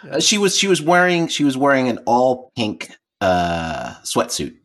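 A man's voice: mid-range voice, big pitch swings, unhurried, fairly bright tone. A man co-hosting a casual podcast chat, telling a rambling story full of restarts and repeated words. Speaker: podcast co-host.

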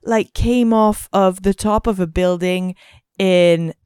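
A woman co-hosting a podcast, chatting casually about a movie and mocking lines in a high voice. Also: slow pace, clear, resonant tone, no room sound, clean studio sound. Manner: animated, mocking quotes in a high voice. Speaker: podcast co-host.

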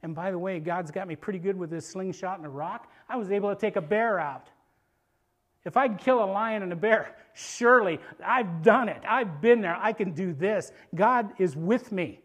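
A preacher acting out a bold young shepherd hero. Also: male voice, high-pitched, fast talker, hardly any pauses. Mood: confident. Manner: incredulous, emphatic.

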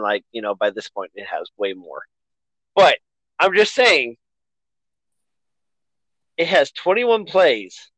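A man hosting a casual podcast, talking in loose, rambling runs and poking fun at himself. His pitch jumps around a lot as he talks. The sound is close and dry, with no room echo. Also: a bit bright. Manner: chatty, self-deprecating, rambling. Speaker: podcast host.

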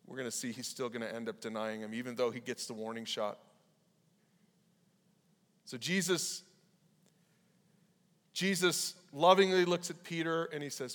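A man preaching a casual, animated youth sermon, acting out the people in the story in quick voices. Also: medium pitch. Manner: animated, acts out quoted voices. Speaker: pastor. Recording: hall reverb.

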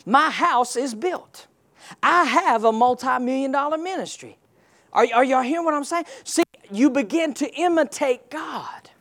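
A man's voice: very high-pitched, animated, measured pace, fairly bright tone. A male pastor preaching a sermon, firing rhetorical questions and call-and-response prompts at his congregation.

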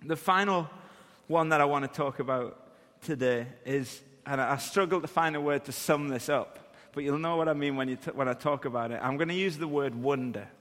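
A man in his thirties, a pastor preaching a sermon with animated storytelling. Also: on the high side, brisk. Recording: long hall reverb.

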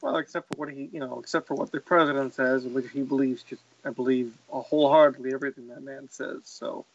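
A man's voice: medium pitch, steady tone, quick pace, highs cut off. A man co-hosting a casual podcast, rambling with fillers and restarts.

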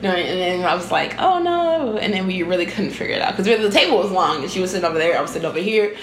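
A young woman tells a personal story in a loose, chatty way, laughing often and jumping higher whenever she acts out what someone said. The sound is echoey, with faint noise behind her. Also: very fast. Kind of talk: casual storytelling chat. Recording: echoey room.

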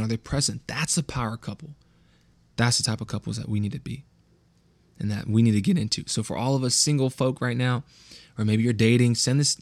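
A man's voice: medium pitch, dry recording. A young man from California's Central Valley with a West Coast accent, hosting a casual Bible talk podcast in a slangy, loose way. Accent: West Coast American. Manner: casual, slangy, repeats words when restarting. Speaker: podcast host.

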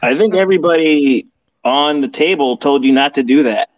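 A man's voice: a little high, moderate pace, no echo, dull audio. A man in casual chat, dry and matter-of-fact.

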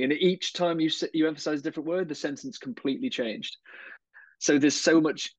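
A man's voice: a little high, quick pace, no echo. A man speaking as a coaching guest on a podcast, thoughtful, often repeating words as he finds his phrasing. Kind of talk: conversational podcast interview. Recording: dull, slightly lo-fi dry sound.

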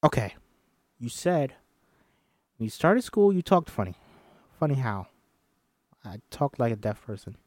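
A man's voice: mid-range voice, unhurried, long pauses, no room sound, clean studio sound. A man doing a solo table read of a film script, reading the stage directions and voicing every part himself. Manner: reads stage directions and voices all parts himself, animated. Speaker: script reader.

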